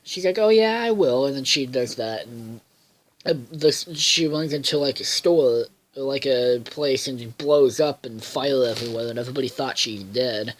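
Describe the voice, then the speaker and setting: A man's voice: mid-range voice, normal speed, low-quality recording. A man casually recapping a cartoon episode, rambling with lots of fillers, swearing freely and losing his train of thought. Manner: loses track and backtracks. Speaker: episode reviewer.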